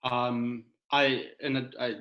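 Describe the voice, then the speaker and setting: A man's voice: mid-range voice, flat delivery, drawn-out words, dull audio. A man co-presenting a webinar, adding to an answer with hesitant restarts. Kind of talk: live webinar Q&A. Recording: echoey room.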